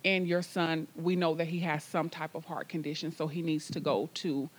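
A woman's voice: sits low, level tone, moderate pace, husky. A woman earnestly telling a faith testimony as a guest on a talk show. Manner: earnest, emphatic storytelling.

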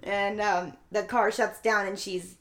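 A woman's voice: mid-range voice, fairly even intonation, measured pace, a bit bright. A woman in a casual chat, retelling a film plot and acting out the characters' lines. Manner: acts out the characters' lines while narrating. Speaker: podcast co-host.

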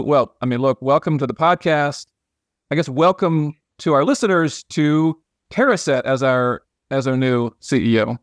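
A man's voice: fairly high pitch, dry recording, clean studio sound. A man hosting a podcast, joking and rambling with frequent restarts in casual chat. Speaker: podcast host.

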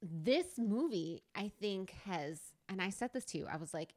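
Excitable woman chatting on a podcast. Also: medium pitch, moderate pace, hardly any pauses, dry recording, studio quality. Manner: emphatic, excitable, frequent "like". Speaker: podcast co-host. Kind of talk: casual chat.

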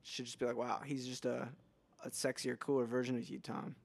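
A man co-hosting a casual podcast chat in a laid-back way, often trailing off softly. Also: medium pitch, flat delivery, brisk, vocal fry, no echo. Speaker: podcast co-host.

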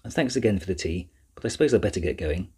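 A man's voice: deep voice, expressive, fast, a little mellow, breathy edge, full character voice. A man voicing a guarded young girl in a storybook reading, wary and clipped.

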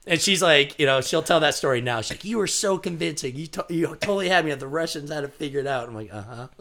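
A man's voice: fairly high pitch, fast, vocal fry, few pauses, bright, forceful tone. A man telling a bartending story in casual chat, full of fillers and bursts of laughter.

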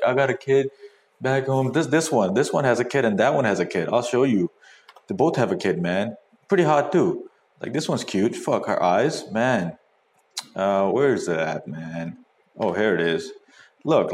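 A man hosting a casual podcast, reacting to clips with crude, profane commentary and loud whoops. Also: lowish voice. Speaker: podcast host. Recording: echoey room, faint noise.

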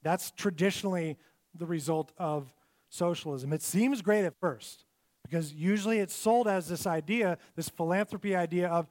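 A male pastor delivering a sermon to his church in a high, clear voice. He speaks earnestly and deliberately, settling low and quiet at the close of each point.

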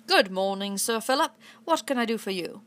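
A woman's voice: lively intonation, normal speed, a bit bright, natural voice. A woman voicing a blunt, stubborn middle-aged farmer father, reading a storybook aloud. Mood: stern. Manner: blunt, rumbling, defiant.

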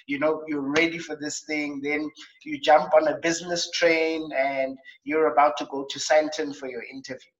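South African man, radio coach, lively storyteller, roomy sound from a distance, muffled. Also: fairly high pitch. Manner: animated storytelling with acted asides. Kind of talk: talk show coaching talk.

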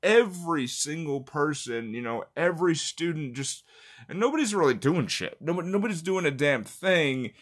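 A man's voice: fairly high pitch, lively intonation, normal speed, fairly bright tone. A man in his thirties from the United States telling a personal story in a rambling way, full of fillers, that turns heated as he goes.

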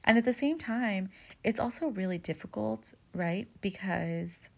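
A woman hosts a podcast and gives relationship advice in a candid, casual monologue packed with swearing and "like" fillers. Her medium-pitched voice is unhurried and has vocal fry.

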